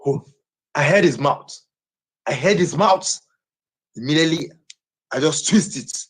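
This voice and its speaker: A man's voice: a little high, expressive, measured pace, husky. A man from Nigeria, talking on a live stream in a boastful way and repeating his words again and again. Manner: boastful, repeats himself over and over.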